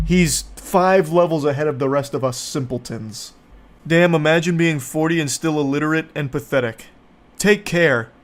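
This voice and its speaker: A man with a slightly high voice reads out text messages and comments on them. His delivery is dry and sarcastic. He swears freely. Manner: sarcastic, profane, deadpan mockery. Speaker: host.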